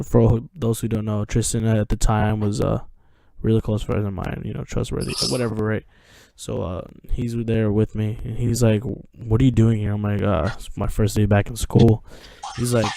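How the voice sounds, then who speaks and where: A man's voice: on the low side, vocal fry, dark tone, a little hiss or hum. A teenage boy telling a long personal story in casual chat, rambling with lots of restarts and fillers, recorded at home. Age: teens. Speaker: podcast co-host.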